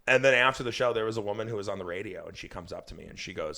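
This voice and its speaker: A man, a comedian guest on a podcast, telling stories in a loose, profane, laughing way, high at the time. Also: rapid-fire, hardly any pauses. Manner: profane, laughing, animated storyteller. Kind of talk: casual podcast storytelling.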